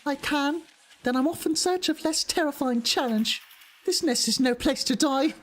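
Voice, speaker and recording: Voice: high-pitched, moderate pace, pitched above the performer's own voice, close to an everyday voice. A streamer putting on a weary bug warrior. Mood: tired. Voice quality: mock British accent. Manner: wobbly, self-conscious delivery. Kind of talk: game dialogue read aloud. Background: music.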